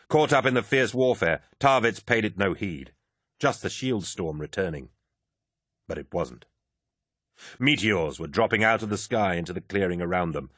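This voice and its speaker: A male narrator with a lowish voice reads a battle-heavy science fiction audiobook. His delivery is dramatic and lively, swooping through a wide pitch range, recorded dry and close with no room sound. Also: no room sound. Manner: dramatic, vivid action reading.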